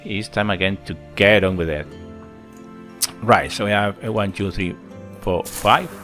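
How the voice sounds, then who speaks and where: Deep-voiced man chatting over game play. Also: unhurried, pushed and bright, faint music behind. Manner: chatty, thinks aloud, counts workers under his breath. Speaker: gameplay channel host. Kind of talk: casual let's-play commentary.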